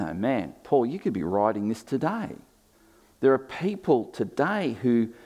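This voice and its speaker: A man in his thirties with a lowish voice preaches a sermon expressively, shifting between emphatic and quiet delivery.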